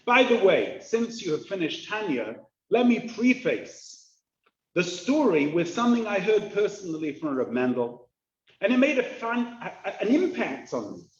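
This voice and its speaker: Man, rabbi, high voice, slow and jovial, lo-fi hall recording. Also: big pitch swings. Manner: jovial storyteller, joking with the audience. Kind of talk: humorous inspirational address. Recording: roomy, dull lo-fi hall recording.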